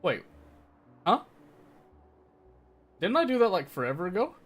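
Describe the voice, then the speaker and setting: While gaming on a live stream with soft music in the background, a young man talks a little slowly in a high voice with huge pitch swings. He banters casually with viewers, teasing them and playfully acting defensive.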